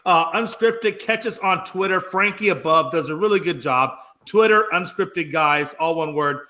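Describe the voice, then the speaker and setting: Blustery, bright-voiced joking male co-host. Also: on the high side. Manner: joking, loud and blustery, drawn-out emphatic phrases. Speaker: sports show co-host. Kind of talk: casual sports talk banter.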